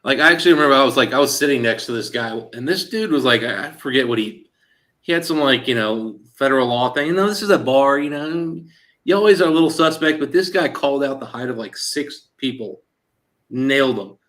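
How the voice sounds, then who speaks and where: A man hosting a casual chat show, telling an anecdote and quoting others in lively back-and-forth with lots of "like" and "he goes". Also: mid-range voice, brisk. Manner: animated storyteller quoting others in dialogue; frequent fillers like "like" and "he goes". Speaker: show host.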